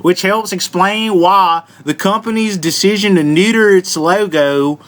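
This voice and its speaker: A man putting on a slow Southern hillbilly drawl. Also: high voice, fairly bright tone. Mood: mock-earnest drawl. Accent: put-on American Southern. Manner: slow, drawn-out, deliberately stumbling reading. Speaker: vlogger. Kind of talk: comedic mock reading of an article.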